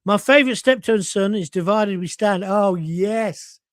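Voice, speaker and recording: A man's voice: sits high, moderate pace, a bit bright, no room sound. An older man hosting a casual live stream, chatting bluntly and cheekily while reading out viewer comments.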